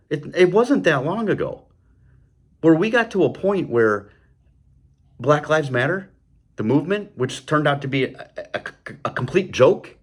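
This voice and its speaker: A man with a slightly high voice hosts his own show and launches into an impassioned political commentary monologue. He gets heated, trips over repeated words, and throws in mocking, sarcastic asides.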